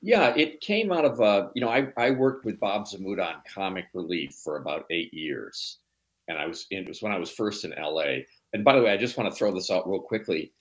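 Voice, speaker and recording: A middle-aged man from Chicago talks as an interview guest, telling stories in a relaxed, rambling way. His voice sits on the low side. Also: a little fast. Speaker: documentary producer, guest. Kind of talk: conversational interview.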